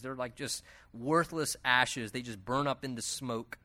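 A male pastor teaching verse by verse through a Bible passage in a conversational, animated way, with asides and quick self-corrections. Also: mid-range voice.

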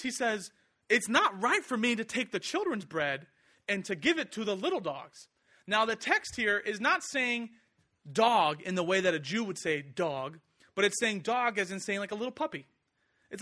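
High, bright-voiced young man preaching. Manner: animated, conversational, acts out quotes. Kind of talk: sermon.

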